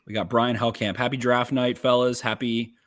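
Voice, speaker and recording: A man co-hosting a podcast, giving quick, profane football analysis in casual chat. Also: mid-range voice, little pitch movement. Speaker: podcast co-host. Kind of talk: casual draft-night chat.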